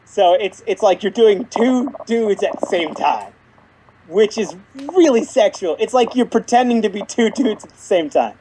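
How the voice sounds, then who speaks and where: A podcast co-host in casual chat about a cartoon episode, jokey and excitable, swearing casually. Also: medium pitch, moderate pace, a little hiss or hum.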